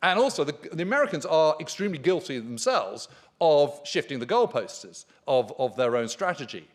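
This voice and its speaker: A man's voice: on the high side, big pitch swings, moderate pace. A man giving a history lecture at a conference, speaking emphatically and enthusiastically with frequent fillers. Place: conference hall.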